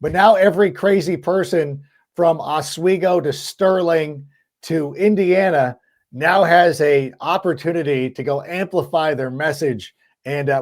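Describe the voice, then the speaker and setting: Man, podcast host, animated casual talk, slightly high voice. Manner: animated, quick, acts out quoted lines. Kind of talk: casual sports chat.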